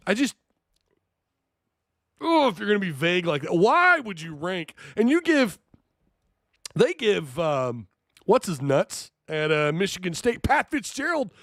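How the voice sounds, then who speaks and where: An animated male sports host talks on a live stream, his pitch leaping around as he reacts in disbelief to the news and jokes with chat. His voice sits fairly high for a man. The sound is close and dry, with no room echo. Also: measured pace, pauses often. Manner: animated, incredulous, jokey with chat. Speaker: sports talk show host.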